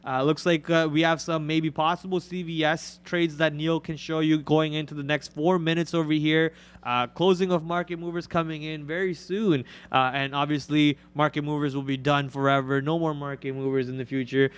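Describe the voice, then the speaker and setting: Man, Canadian accent, smooth clear voice, a little high, casual joking stream co-host. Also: flat delivery, moderate pace, few pauses. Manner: joking, rambling, lots of fillers. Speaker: co-host of trading livestream. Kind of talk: casual livestream chat.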